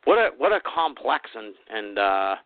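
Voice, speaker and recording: A podcast host with a lowish voice chats in a relaxed way and reads listener questions aloud. His voice comes through a narrow, phone-like line that sounds dry and close. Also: moderate pace, no room sound. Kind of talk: casual podcast conversation, reading listener questions.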